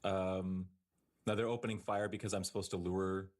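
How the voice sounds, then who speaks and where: Deep-voiced man, a hesitant tabletop player. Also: level tone, moderate pace, a little mellow. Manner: hesitant, tentative. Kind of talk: tabletop game play.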